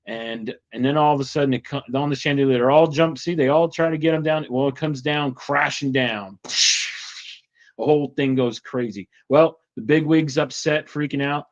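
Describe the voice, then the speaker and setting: A man's voice: medium pitch, normal speed. Chatty male host, mid-range voice, loose filler-heavy recap style, muffled lo-fi audio. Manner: chatty, rambling with many fillers. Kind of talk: casual retelling.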